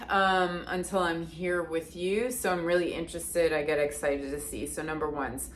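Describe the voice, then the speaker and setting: A woman's voice: fairly low pitch, measured pace. A woman giving a casual, intuitive card reading, talking in a chatty, earnest way with lots of "like" and restarts. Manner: chatty and earnest, heavy use of "like". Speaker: card reader and deck creator.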